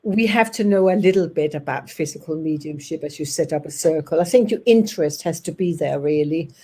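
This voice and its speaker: A woman's voice: sits low, brisk, dark tone, breathy edge. A woman who is a physical medium, telling emphatic, forthright anecdotes in a spiritualist talk.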